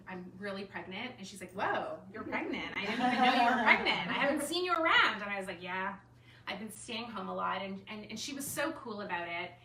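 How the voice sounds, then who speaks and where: A woman who is an artist and designer, telling a personal story to a group in a chatty, animated way with lots of "like". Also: medium pitch. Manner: chatty, animated storytelling full of "like" and self-quotes. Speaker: artist and designer speaking at a gathering. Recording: echoey room, mic far off, faint room noise.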